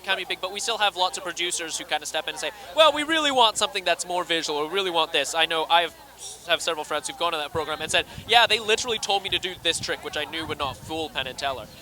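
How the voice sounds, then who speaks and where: A man with a Scottish accent, chatting quickly and animatedly in an interview at a red carpet event. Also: on the high side. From Scotland. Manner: fast, animated, acts out quoted voices. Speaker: interviewee, actor and magician.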